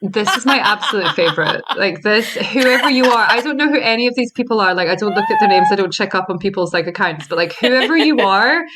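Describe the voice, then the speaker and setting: A woman's voice: mid-range voice, lively intonation, fairly quick, hardly any pauses, fairly bright tone, slight background noise. A Scottish woman guesting on a podcast, laughing and candid in casual chat. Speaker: guest, meme page owner.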